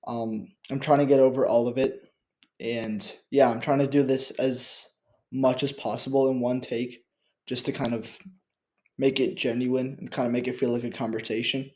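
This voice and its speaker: Halting, mellow-voiced man vlogging. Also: mid-range voice, flat delivery. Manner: halting, with frequent fillers and restarts. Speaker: channel host. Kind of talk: casual one-take ranking vlog. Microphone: built-in computer mic.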